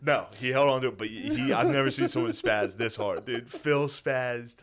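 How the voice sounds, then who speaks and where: A man's voice: mid-range voice, normal speed, a bit bright. A man in his thirties co-hosting a podcast, telling family stories in casual chat, swearing and laughing as he goes. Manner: profane, laughing storyteller, mimics family. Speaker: podcast co-host.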